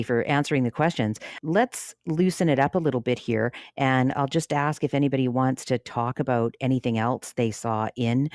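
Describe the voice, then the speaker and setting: A talkative podcast host steers an audio-chat discussion, laughing easily and letting sentences sink to a soft murmur. The voice sits at an average pitch. It sounds dry and close, with no room around it. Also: no room sound. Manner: chatty, laughs often, drops to a low murmur at phrase ends. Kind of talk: casual discussion moderating. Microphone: phone app audio chat.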